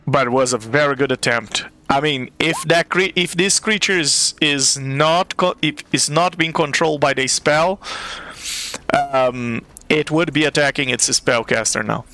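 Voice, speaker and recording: A man running a tabletop game as game master, narrating at an easy pace with frequent pauses to think. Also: on the high side, pushed and bright. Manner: unhurried, with many fillers and restarts.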